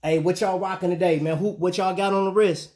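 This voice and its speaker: Speaking a little fast, this man has a high, darkish voice with fairly even intonation. He hosts a casual live stream, chatting with viewers in relaxed slang and frequently saying "man" and "bro".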